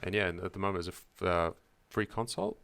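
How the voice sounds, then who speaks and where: A man's voice: low voice, very animated, quick pace, gravelly, a bit bright, clean tone. A man hosting a podcast, chatting casually and often chiming in with short agreement. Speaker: podcast host.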